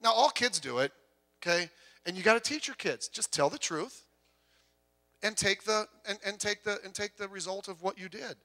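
Bright-voiced pastor telling stories. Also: male voice, high-pitched, moderate pace. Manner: conversational storytelling, acting out quoted dialogue. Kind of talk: sermon.

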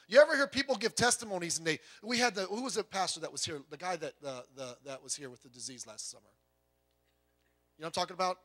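Brief: male pastor with a high, bright voice, preaching conversationally, with rhetorical questions and joking asides. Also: animated, fast. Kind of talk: sermon.

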